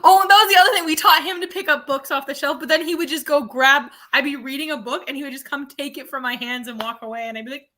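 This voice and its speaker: Bright young woman telling rambling dog stories. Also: sits high, quick pace, few pauses. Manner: rambling anecdotes, restarts, swears casually, laughs. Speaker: readathon livestream co-host. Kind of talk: casual livestream chat.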